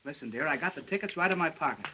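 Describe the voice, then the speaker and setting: An actor playing a brash, wisecracking young male newspaper reporter in a 1930s film, talking fast and cocky. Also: a little high, lively intonation, noisy background, natural voice. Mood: coaxing.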